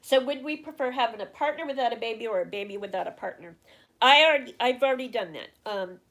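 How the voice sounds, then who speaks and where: A middle-aged woman hosts a relaxed livestream, reading out viewers' questions and answering them at length. Her voice sits a little on the high side. She rambles through fillers and restarts and speaks openly about her feelings. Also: fast. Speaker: livestream host. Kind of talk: casual livestream chat answering viewer comments.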